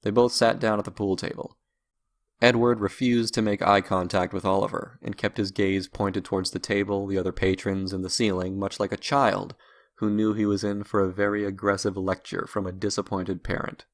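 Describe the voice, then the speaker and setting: A man reading a story aloud in a measured, even way. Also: fairly low pitch. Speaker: narrator. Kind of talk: scripted story narration.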